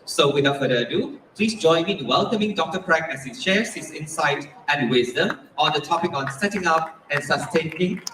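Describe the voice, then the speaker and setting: A man's voice: a little high, expressive, normal speed, few pauses, pushed and bright. A man working as emcee, reading a scripted, formal introduction of a keynote speaker at a conference. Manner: scripted, reads a formal biography. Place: large conference hall. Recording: echoey hall, distant mic, faint noise.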